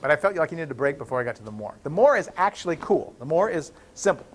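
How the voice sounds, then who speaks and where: A man lecturing in a classroom as a university professor, playful and animated, breaking up the lesson with jokes. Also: on the high side, fast talker, a little hiss or hum.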